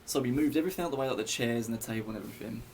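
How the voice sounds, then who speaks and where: A man's voice: mid-range voice, rapid-fire, vocal fry, darkish tone, slight background noise. A young man telling a story in a casual vlog, rambling and chatty with many fillers and restarts.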